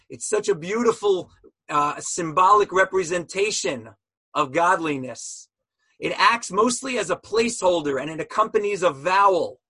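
A man's voice: a little high, bright, forceful tone, slightly rough, no echo, rough recording. A man teaching an online class about Hebrew letters in a passionate style, full of rhetorical questions, heard over a video call.

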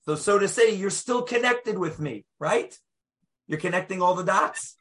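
Animated man teaching a Torah class. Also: high-pitched, normal speed. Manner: animated, emphatic, acts out voices and quotes.

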